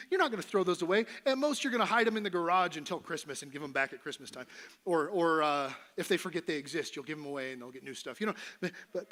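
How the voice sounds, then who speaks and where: A middle-aged male pastor gives a relaxed, conversational sermon in a church sanctuary. His voice sits a little higher than most men's, and he slips into playful voices for the people in his story. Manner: conversational, playful, acts out voices of Moses and God.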